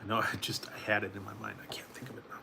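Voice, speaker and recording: A man's voice: fairly low pitch, flat delivery, very fast, gravelly, background noise. A man hosting a late-night food review live stream, rambling casually and chuckling as he talks to chat viewers.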